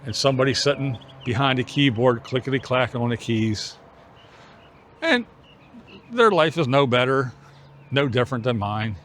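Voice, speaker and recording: A middle-aged man vlogging on an evening walk outdoors, musing in an unhurried way with pauses between phrases. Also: medium pitch, animated, a bit bright, slight background noise. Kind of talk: reflective walking vlog chat.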